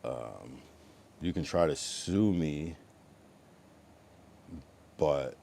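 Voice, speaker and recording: A young man livestreaming, chatting to viewers in a rambling, profane way, swinging from mutters to loud taunts. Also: very deep voice, lively intonation, drawn-out words, creaky. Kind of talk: casual live-stream chat reacting to viewers.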